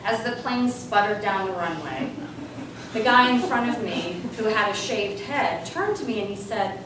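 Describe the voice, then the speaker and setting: Woman guest speaker, lively comic storyteller, lots of pitch movement, recorded from far off in a very echoey hall. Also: normal speed, a crowd in the background. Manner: animated, comic timing. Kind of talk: humorous storytelling speech. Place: large hall with live audience. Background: room ambience and audience laughter.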